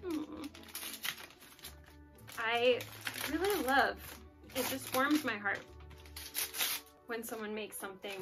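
A woman's voice: a little high, expressive, takes it slowly, pauses often, over music. A woman hosting her own channel, chatting casually while unboxing gifts, gushing with exclamations and sounding touched, close to tears. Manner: gushing and effusive, many exclamations; soft-spoken and touched, near tears. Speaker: YouTube channel host.

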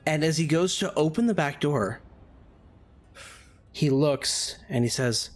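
A man narrating a tabletop game as game master, in descriptive, halting narration with fillers. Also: a little high.

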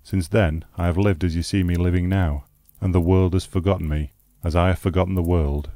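A man's voice: deep voice, steady tone, mellow, no echo, studio quality. A man reading as a bitter old recluse scholar. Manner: measured, declamatory. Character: bitter aging male scholar, eloquent recluse. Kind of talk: audiobook character reading.

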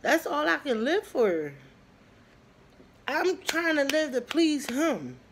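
A woman in her twenties talking casually to her viewers, telling her story with lively bursts and lots of fillers and pauses. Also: high voice, a little hiss or hum. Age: 20s. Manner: chatty, animated storytelling, addresses viewers as y'all; frequent fillers and trailing pauses. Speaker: vlogger. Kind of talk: casual talk to camera.

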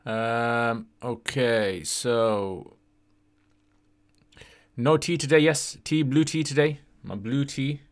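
A man's voice: mid-range voice, fairly even intonation, slow pace, long pauses. A man hosting a casual livestream Q&A, chatty and often tagging his sentences with "yeah?". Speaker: livestream host answering questions.

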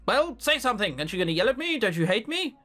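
A man voicing a proud but anxious young witch girl, high-strung and defensive, over quiet music. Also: sing-song, fast talker, exaggerated voice. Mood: upset. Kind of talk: let's play voice acting.

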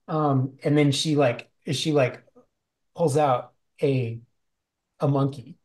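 Slow, halting game master with a mellow voice. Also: male voice, mid-range voice, steady tone. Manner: halting, full of fillers and restarts. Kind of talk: narrating a tabletop game.

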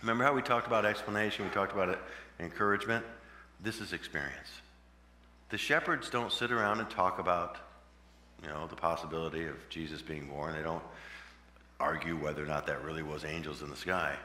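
A man preaching a sermon in a conversational way, with sudden loud emphatic bursts, recorded in a church. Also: low voice, fairly quick. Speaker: pastor. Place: church sanctuary. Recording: echoey church hall with long reverb, faint hum.

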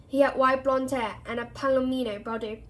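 A woman reads a novel aloud in a steady storytelling voice pitched fairly high. Her delivery is brisk yet plain and even, with a few slips here and there.

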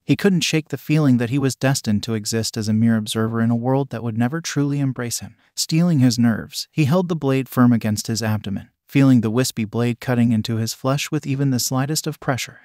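A man narrating a fan-fiction story in an even, measured reading. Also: mid-range voice, dry recording, studio quality.

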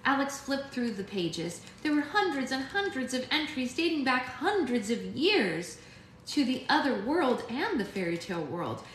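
A woman narrating a storybook aloud with a slightly high, steady voice. She reads at an even pace, and the recording sounds echoey, with faint hiss behind her. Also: normal speed. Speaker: read-aloud host. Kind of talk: reading a novel aloud.

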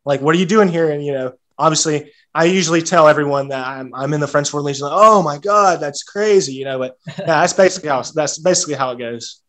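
A man's voice: fairly high pitch, quick pace. A young American man on a podcast, casually rambling with frequent restarts and "like" fillers. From United States. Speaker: guest, serving legionnaire.

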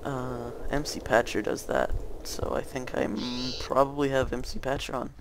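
A man's voice: mid-range voice, level tone, normal speed, background noise. A young man rambling through casual gameplay commentary, hesitant, with many fillers and restarts. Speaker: gaming YouTuber.

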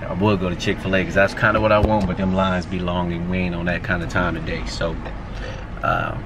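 A man's voice: deep voice, flat delivery, brisk, noisy background. A man co-hosting a vlog from a car, talking in a laid-back, joking way. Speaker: vlog co-host, driver. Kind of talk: casual vlog chat. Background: music playing.

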